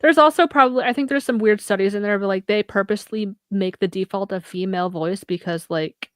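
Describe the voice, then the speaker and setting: A woman's voice: medium pitch, a little fast, fairly bright tone, dry recording. Young woman, podcast co-host, casual rambling chat, lots of fillers, dry room. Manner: rambling, heavy use of "like" as a filler.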